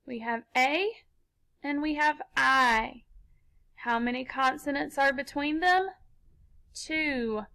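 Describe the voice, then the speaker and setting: Slow, bright-voiced woman teaching phonics. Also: high-pitched, vocal fry, low-quality recording. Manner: slow, patient, step-by-step instruction. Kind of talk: phonics lesson for children.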